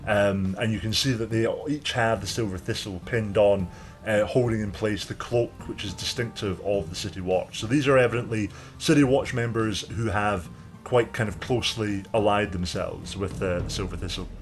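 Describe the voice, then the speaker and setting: A man narrating as game master of a tabletop game, in a relaxed, descriptive way. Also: on the low side, moderate pace, faint music behind.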